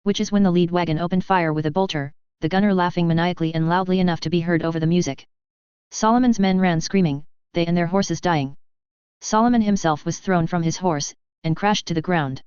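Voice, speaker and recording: A woman reading fan fiction aloud in a steady, plain storytelling manner, on a dull lo-fi recording. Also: on the low side, fairly quick, clear, resonant tone, dry recording. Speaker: reader.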